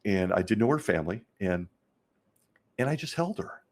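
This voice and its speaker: A man's voice: fairly low pitch, lively intonation, moderate pace. A middle-aged man and former church elder, candidly recounting a personal story to his listeners in an earnest monologue. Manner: earnest, candid, talks straight to listeners as "folks". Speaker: former congregation elder, show host.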